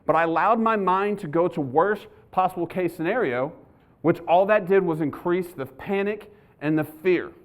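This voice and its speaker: A man's voice: high-pitched, normal speed. A middle-aged police trainer, giving a live training talk to an audience and telling stories as he goes. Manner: conversational storyteller, acts out his own panic. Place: university lecture hall.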